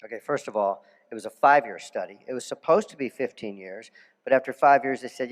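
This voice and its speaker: A man, a dentist, giving a conference lecture in a casual storytelling way, animated, with restarts and asides. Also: mid-range voice, brisk, long reverb tail. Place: conference hall.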